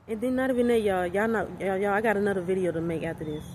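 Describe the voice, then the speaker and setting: Excited woman vlogger, noisy phone recording. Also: medium pitch, fast. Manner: repetitive, animated, addresses viewers as y'all. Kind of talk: casual storytime vlog.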